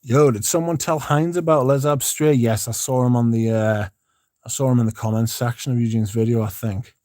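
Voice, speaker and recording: A man's voice: mid-range voice, fairly even intonation, a little fast, a little mellow, no echo, studio quality. A man hosting a casual livestream, reading out viewer comments and chatting in a rambling, laid-back way with the odd swear. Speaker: livestream host.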